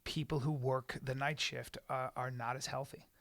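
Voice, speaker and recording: A man's voice: medium pitch, steady tone, moderate pace, a bit bright, dry recording. A man co-hosting a podcast in a studio, telling stories animatedly and swearing freely. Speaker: podcast co-host. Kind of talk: casual chat.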